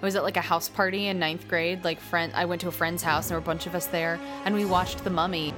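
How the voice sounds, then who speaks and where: A woman's voice: lowish voice, quick pace, loud music behind the voice. A woman co-hosting a film podcast, chatting casually and animatedly, laughing often. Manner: animated, laughs often, does mock voices. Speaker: podcast co-host. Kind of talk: casual chat about films.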